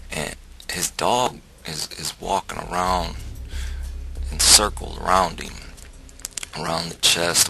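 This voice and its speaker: Low, gravelly man telling a testimony. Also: bright, forceful tone, a little hiss or hum. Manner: earnest, emphatic, preacher-like. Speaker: storyteller. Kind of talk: personal testimony storytelling.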